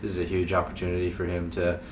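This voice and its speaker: Low-voiced joking man. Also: monotone, fast talker, slight background noise. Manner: joking, teasing. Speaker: podcast co-host. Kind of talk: casual chat.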